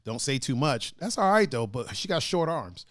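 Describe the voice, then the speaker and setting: A man co-hosting a casual podcast, joking around, laughing often and slipping into quick mock voices. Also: medium pitch, very animated, no room sound, clean studio sound. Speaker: podcast co-host.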